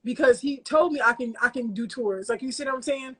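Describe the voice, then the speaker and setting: A woman poet speaks as a guest in a casual interview, telling her story with lively self-mockery and often slipping into the voices of the people she quotes. Her voice sits high and has a breathy, husky grain. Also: a little fast.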